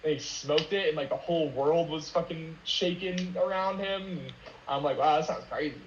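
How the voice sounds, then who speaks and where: A man's voice: fairly high pitch, normal speed. A man talking casually on a podcast as a guest, rambling with lots of fillers and swearing. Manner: rambling, many fillers, profane. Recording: roomy lo-fi with faint noise.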